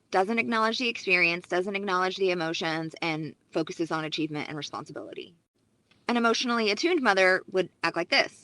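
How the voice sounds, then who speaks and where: A woman's voice: fairly low pitch, fairly quick, pushed and bright, no echo. Female psychologist, advice to camera, emphatic, dry close sound. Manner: emphatic and explanatory. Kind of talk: relationship advice video.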